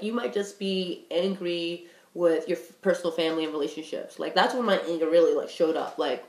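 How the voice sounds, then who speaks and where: A woman's voice: fairly low pitch, darkish tone, reverberant. A woman in her twenties talking candidly and rambling about her own feelings, with many fillers. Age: 20s. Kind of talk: casual personal talk.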